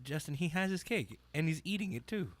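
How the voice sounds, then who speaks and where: A man co-hosting a casual podcast, loud and excitable, often yelping and laughing. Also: fairly high pitch, brisk, a little hiss or hum. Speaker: podcast co-host. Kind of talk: casual chat.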